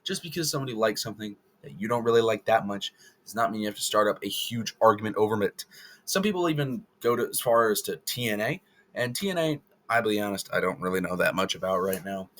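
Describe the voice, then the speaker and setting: A man's voice: lowish voice, lively intonation, fast talker, fairly bright tone. A man giving casual opinion commentary to the camera, rambling and correcting himself as he goes. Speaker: wrestling video creator.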